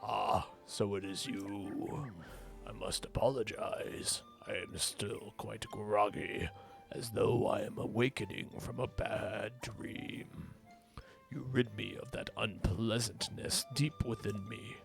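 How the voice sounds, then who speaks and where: An ancient, groggy tree spirit, as a man puts it on while reading game text. The voice is low, gravelly and very slow, with a swooping, expressive intonation. Faint music plays behind it. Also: exaggerated voice. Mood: solemn. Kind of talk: reading game dialogue aloud.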